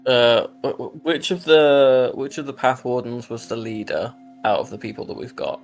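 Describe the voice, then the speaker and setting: A man's voice: medium pitch, moderate pace, faint music behind. A man playing a tabletop game, trading dry, joking asides with the table. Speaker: player. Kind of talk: casual tabletop play.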